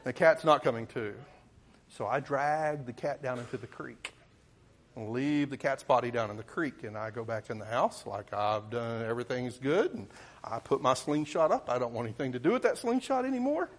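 A man tells a childhood story in the middle of a sermon. His pitch sits in the middle of a man's range, and he talks in a folksy, rambling way, restarting and correcting himself as he goes. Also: lively intonation, normal speed. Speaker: preacher.

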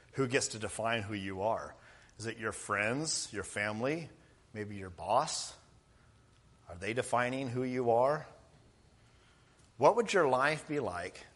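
A male minister delivering a sermon in a mid-pitched voice. He climbs in pitch and volume to stress a point, then drops low and quiet to let it land. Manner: preaching with rising emphasis and soft, low falls.

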